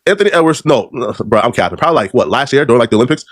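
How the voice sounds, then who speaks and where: A man hosting a commentary video, talking in animated, mocking slang on a close, dry mic. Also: medium pitch, rapid-fire, no room sound.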